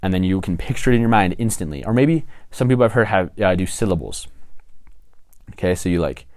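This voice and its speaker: Low-voiced young man explaining casually. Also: animated, fairly quick, a little mellow, no room sound, studio quality. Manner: rambling, self-correcting, frequent "right?" and "okay?" asides. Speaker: tips video presenter.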